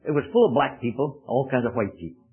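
Animated male storyteller, tinny lo-fi recording. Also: medium pitch, quick pace, slightly rough. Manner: animated, swooping storyteller's delivery. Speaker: traveling missionary. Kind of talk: storytelling testimony talk.

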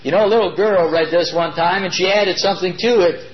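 A man preaching a sermon to his congregation, emphatic and drawing key words out slowly. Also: high-pitched. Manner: addresses congregation as "beloved". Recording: dull lo-fi recording.

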